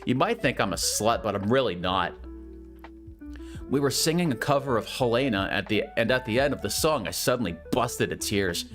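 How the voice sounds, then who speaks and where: A man's voice: medium pitch, animated, moderate pace, fairly bright tone, soft background music. A man giving a comedic dramatic reading of a bad story, with incredulous, mocking asides. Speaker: reader.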